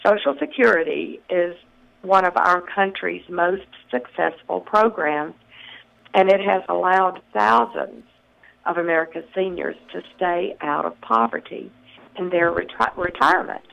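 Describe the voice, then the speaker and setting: Gravelly candidate from Tennessee in their 60s. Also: medium pitch, fairly bright tone, lo-fi sound. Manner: earnest, measured, with frequent ums and restarts. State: slightly rough early-morning voice. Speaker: congressional candidate. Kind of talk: radio interview answers, campaign talking points.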